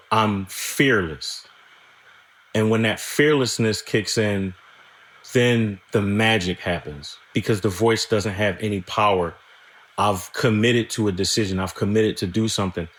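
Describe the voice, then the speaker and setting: A man talking candidly as a podcast guest, reflective and halting, often restarting his sentences and swearing now and then. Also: on the low side, a bit bright. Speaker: guest screenwriter. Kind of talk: candid conversational interview.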